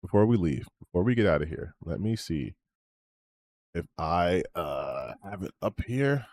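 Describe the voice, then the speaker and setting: A man's voice: deep voice, big pitch swings, unhurried, vocal fry, darkish tone, no room sound. A man streamer closing out his stream in a rambling, self-promoting chat, swearing freely as he talks. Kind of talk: casual stream sign-off chat.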